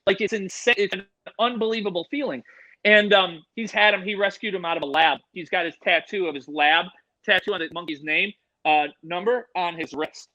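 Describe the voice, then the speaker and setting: A man with a high, bright and forceful voice tells a wild story, excitable and quick to curse. It sounds slightly muffled and dry, with no room around him. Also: dry recording. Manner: swears freely, excitable. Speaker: podcast guest, animal handler. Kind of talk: animated storytelling.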